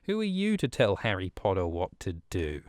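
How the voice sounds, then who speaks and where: A man's voice: deep voice, wildly swooping pitch, normal speed, darkish tone, no room sound, studio quality. A man voicing an entitled teenage boy hero who whines and brags about how important he is, as a podcast parody. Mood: indignant. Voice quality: petulant, boastful whine.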